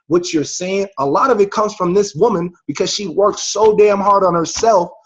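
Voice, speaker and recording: A man's voice: high-pitched, normal speed, breathy edge, highs cut off. A man hosting a team video call, giving hyped, slangy motivational talk. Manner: hyped, slangy, preachy encouragement.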